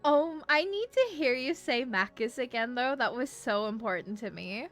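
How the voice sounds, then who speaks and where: Brief: high, bright woman from Australia, teasing co-streamer, swears freely. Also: lively intonation, normal speed, faint music behind. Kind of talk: casual game-stream chat.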